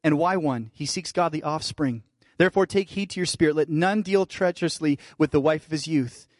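Guy pastor preaching, kinda high voice, dry close sound, goes intense then quiet. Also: fairly quick, no echo. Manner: preaching with rising fervor, then dropping to soft intimate tones. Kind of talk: sermon.

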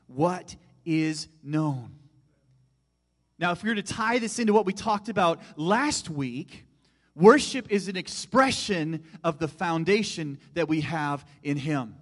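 A middle-aged man preaching a sermon, animated, moving between loud emphasis and hushed asides. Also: fairly high pitch, slow pace. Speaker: pastor. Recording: long hall reverb.

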